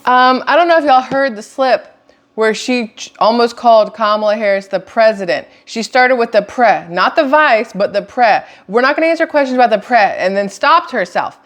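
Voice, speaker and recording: A woman's voice: on the high side, normal speed. A woman hosting casual political commentary, talking emphatically and repeating words for stress. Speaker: host.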